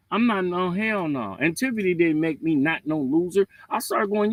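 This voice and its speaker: Blunt, high-pitched man ranting. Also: moderate pace, hardly any pauses, no echo, rough recording. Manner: blunt, profane and mocking; lively, with swings between loud and quiet. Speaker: livestream host. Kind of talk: heated livestream rant.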